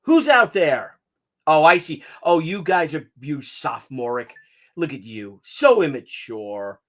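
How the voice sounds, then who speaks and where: Excitable high-voiced man hosting a live stream. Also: unhurried. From Italian heritage. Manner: excitable, chatty, talks to chat viewers. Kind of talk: casual live-stream chat.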